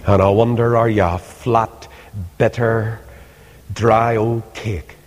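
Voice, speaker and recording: A man preaches with passion, dropping from loud pleading to hushed asides. He speaks slowly and deliberately. His voice rings with the long reverb of a big hall. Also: lowish voice, steady tone. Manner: impassioned, swings between loud pleas and hushed asides. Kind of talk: sermon.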